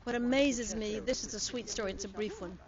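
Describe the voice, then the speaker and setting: A woman's voice: a little high, a little fast. Older American woman chatting outdoors. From United States. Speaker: interview guest. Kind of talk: casual on-location interview. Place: outdoors at a public ceremony. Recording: lo-fi outdoor audio with crowd.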